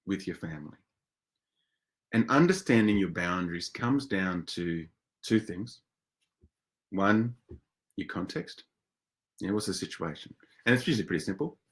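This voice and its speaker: Speaking in a very low voice, a man presents a webinar in a relaxed, conversational style. He's enthusiastic and chatty, often pausing and restarting sentences.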